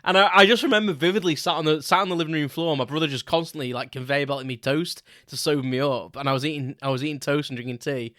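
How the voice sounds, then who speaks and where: A man's voice: medium pitch, steady tone, fast, hardly any pauses, fairly bright tone, no echo, studio quality. A British man hosting his own podcast, telling a rambling personal anecdote in a chatty way with casual swearing. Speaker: podcast host. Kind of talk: casual solo storytelling.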